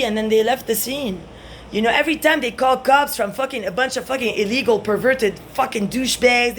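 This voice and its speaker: A woman with a notably high voice delivers a rambling monologue to camera. She sounds agitated and swears freely, leaping from one point to the next and now and then breaking into shouts. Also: fairly quick, background noise. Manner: agitated, profane, jumps between topics, bursts into shouting.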